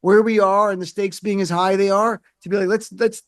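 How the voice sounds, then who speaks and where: High-pitched male host, wry sarcastic chat, dry studio sound. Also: flat delivery, no room sound. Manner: wry, sarcastic, quick asides. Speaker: radio show host. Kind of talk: casual panel chat.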